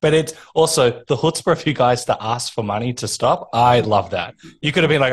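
Male podcast host, mid-pitched, upbeat, affirming interviewer who laughs a lot. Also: normal speed, few pauses. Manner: enthusiastic, laughs and affirms often. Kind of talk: casual interview.

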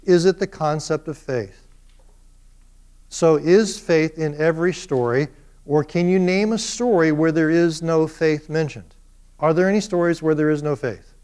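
A middle-aged male professor lectures in an animated storytelling way, slipping into the voices of the people in his stories. His voice sits a little higher than most men's. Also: a little slow, clean tone. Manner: animated storyteller, acts out quoted speech. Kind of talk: classroom lecture.

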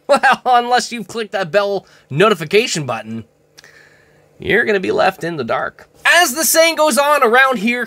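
A man hosting a card-opening vlog, excitable and given to shouted exclamations and mild minced oaths. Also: high voice. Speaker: hockey card channel host.

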